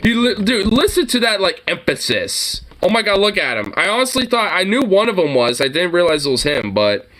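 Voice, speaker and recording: A man talking casually over the videos he reacts to, his pitch leaping and dropping as he gets worked up. He swears freely and laughs at the clips. His voice sits fairly high for a man. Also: big pitch swings, a little fast, few pauses, a bit bright.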